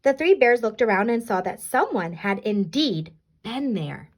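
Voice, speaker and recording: A woman reading a children's storybook aloud in an expressive, animated way. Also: on the high side, a little slow.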